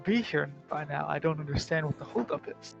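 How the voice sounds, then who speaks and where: A man voicing an impatient male city guard who speaks softly and sounds puzzled. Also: on the high side, fairly quick, gravelly, highs cut off, soft background music.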